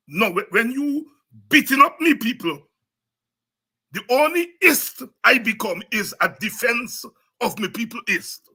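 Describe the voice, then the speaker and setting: A man's voice: extremely high pitch, very animated, unhurried, sharp tone, slightly rough. A man with a Guyanese Creole accent giving fiery, preaching political commentary as a show host, repeating himself and sliding into Creole.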